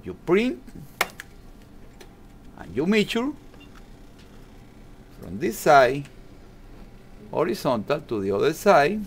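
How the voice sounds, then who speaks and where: A man walks through an ultrasound exam step by step, instructing slowly and calmly. His voice sits a little high and his English has non-native phrasing. Faint background noise runs under the recording. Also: gravelly. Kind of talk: step-by-step medical demonstration.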